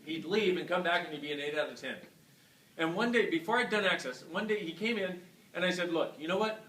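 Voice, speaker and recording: A man giving a live talk to a class, telling a story in an animated way, swearing freely and acting out the people he quotes. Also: a little high, a little fast. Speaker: workshop facilitator. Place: class venue hall. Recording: echoey room from far off with faint noise.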